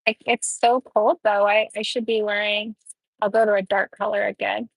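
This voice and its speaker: Woman nail educator, chatty step-by-step delivery, husky tone, dry close sound. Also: mid-range voice, flat delivery, normal speed, no room sound, low-quality recording. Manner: chatty, explains each step while working. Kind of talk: live nail tutorial.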